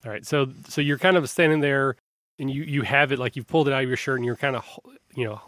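A man narrating a tabletop role-playing game as game master, describing scenes in a relaxed, rambling way. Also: mid-range voice, quick pace, dry recording, studio quality. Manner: descriptive, relaxed, with frequent restarts.

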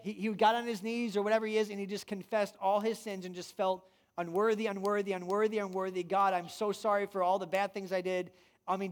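A male pastor with a high-pitched, somewhat dark voice preaches to an audience in a church room. His sermon is emphatic and packed with rhetorical questions.

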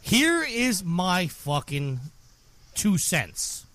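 A man's voice: sits high, big pitch swings, extremely slow, fairly bright tone, no room sound. A man on a podcast delivering a furious, profane rant with heavy emphasis. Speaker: podcast co-host.

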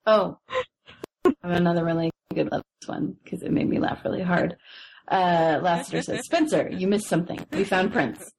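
A woman's voice: fairly low pitch, normal speed, a little mellow. A woman co-hosting a casual podcast chat, enthusiastic and giggly. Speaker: podcast co-host.

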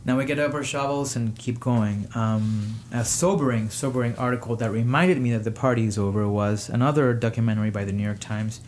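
A man hosting his own show, giving personal commentary with emotion, pausing often and rising to indignation. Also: medium pitch, a little mellow, a little hiss or hum. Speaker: podcast host.

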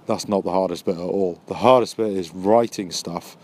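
A man's voice: sits low, normal speed, a little mellow. A man hosting a podcast, talking casually and musingly, with friendly encouragement. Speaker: podcast host and new stand-up comic. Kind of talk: casual late-night chat. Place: near a train line at night.

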